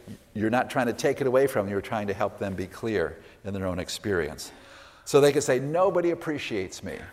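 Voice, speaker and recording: Gentle man teaching in a reverberant hall. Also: lowish voice. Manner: gentle, measured, often trails off quietly. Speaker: workshop teacher. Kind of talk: teaching a listening workshop.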